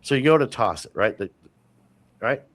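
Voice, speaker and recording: A man's voice: medium pitch, lively intonation, moderate pace, a bit bright, dry recording. A man talking as a podcast guest, telling long rambling stories full of fillers and restarts. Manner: rambling storyteller, many fillers. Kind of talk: casual interview chat.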